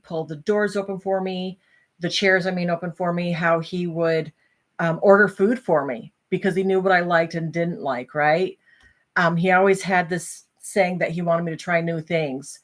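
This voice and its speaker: Woman talking candidly to camera, kinda low voice, earnest, lots of pauses. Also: fairly even intonation. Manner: earnest, halting, with frequent pauses. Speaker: vlogger sharing a personal story. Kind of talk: candid personal talk and poem reading.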